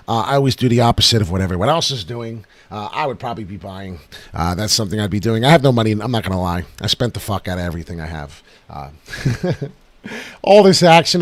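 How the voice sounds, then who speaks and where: A man's voice: mid-range voice, fairly bright tone, no room sound. A man hosting a casual livestream about crypto markets, boisterous and hyped, swearing freely and breaking into chants.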